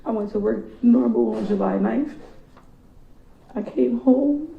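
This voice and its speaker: A tearful woman speaking to a courtroom in a halting, grief-stricken way, her voice breaking, recorded as echoey, muffled courtroom audio. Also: on the high side, vocal fry. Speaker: victim's relative giving a statement in court. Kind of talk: emotional victim impact statement.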